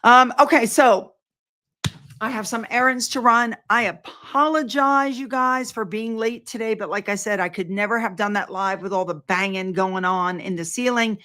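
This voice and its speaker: A woman's voice: medium pitch, fairly bright tone. Chatty older woman vlogger. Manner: chatty, rambling, effusive. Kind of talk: casual chat to viewers.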